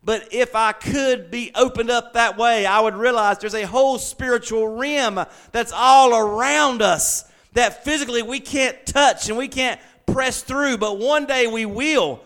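A man delivers a sermon in a notably high voice. He reads scripture aloud, then builds fervently into strong, confident proclamations. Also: a little slow, hardly any pauses, fairly bright tone. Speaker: preacher.

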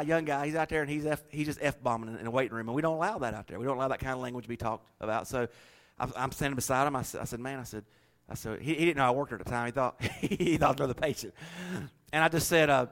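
A middle-aged man preaching a sermon, telling folksy stories in an animated way and laughing often. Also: medium pitch.

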